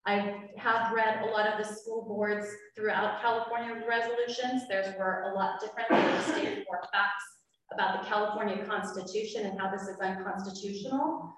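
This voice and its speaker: A woman's voice: mid-range voice, fairly even intonation, moderate pace, slight background noise. A woman, a parent, making a public comment at a school board meeting, earnest and getting emotional. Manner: earnest, growing emotional and forceful. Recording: echoey hall, distant mic.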